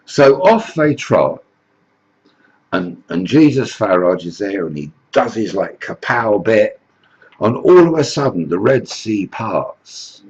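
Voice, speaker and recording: A man's voice: lowish voice, very animated, takes it slowly, a little mellow, husky, lo-fi sound. A man telling a satirical comic story in a rambling, chatty way. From England. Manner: rambling, full of "you know" and "like".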